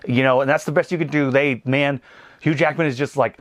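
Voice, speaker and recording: Rapid, bouncy man in his thirties, rambling comedic movie recap, dry close sound. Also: medium pitch, no room sound. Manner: animated, rambling, laughs at his own jokes. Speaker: movie reviewer.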